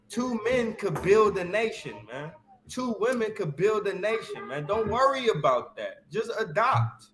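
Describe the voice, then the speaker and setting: A man hosting a casual Bible discussion, slangy and animated, constantly checking in with "right?". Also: high-pitched, roomy sound.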